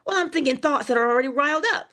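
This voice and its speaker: A woman's voice: high-pitched, racing. Emphatic woman giving a motivational talk. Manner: emphatic, drops to a whisper for key phrases; animated, laughs and acts out little scenes. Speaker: host of a morning inspiration stream.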